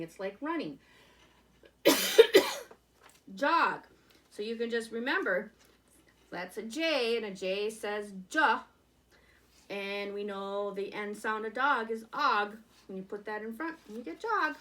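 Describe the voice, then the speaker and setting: A woman's voice: a little high, expressive, measured pace, fairly bright tone. A woman teaching a virtual preschool lesson, talking to young children in an encouraging, sing-song way and singing along.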